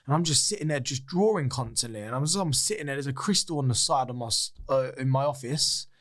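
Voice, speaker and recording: A man's voice: medium pitch, quick pace. A man, a podcast guest telling a personal story in a casual, candid way, swearing freely and acting out what others said. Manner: swears freely, acts out other people's lines; animated, excitable retelling.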